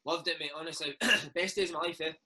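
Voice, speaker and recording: Lively bright-voiced Scottish man. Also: on the high side, fast, slightly rough, low-quality recording. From Scotland. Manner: lively, laughing, says mate a lot. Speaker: interviewee, former footballer. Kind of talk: casual storytelling chat.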